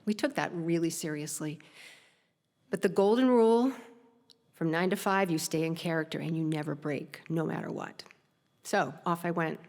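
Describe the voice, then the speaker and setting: A middle-aged woman tells a personal story from a theater stage, her voice sitting at an ordinary pitch for a woman. She is lively and pokes fun at herself. Her voice carries a long hall reverb. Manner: lively, self-mocking, laughing at her own tale.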